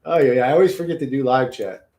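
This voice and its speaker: A man hosting a casual livestream, rambling and joking with a lot of swearing, swinging between low mumbles and loud bursts. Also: fast. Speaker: livestream host reading chat.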